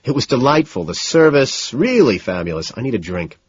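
A man's voice: medium pitch, big pitch swings, normal speed, husky, dull audio, voice pushed up. A man voicing an anxious young man who talks in a nervous, breathless rush.

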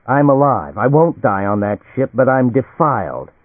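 A man voicing an ancient, weary male alien entity who speaks quietly and bitterly, with a mocking edge. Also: mid-range voice, big pitch swings, normal speed, no room sound. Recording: dry, tinny phone-like audio.

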